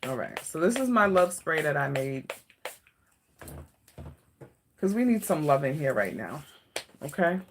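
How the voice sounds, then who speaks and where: Soft-spoken woman giving a comforting tarot reading. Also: low voice, sing-song, a little slow, pauses often, slight background noise. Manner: emotional, comforting, talks to chat; soft, tearful at times. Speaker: tarot reader. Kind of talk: live stream tarot reading.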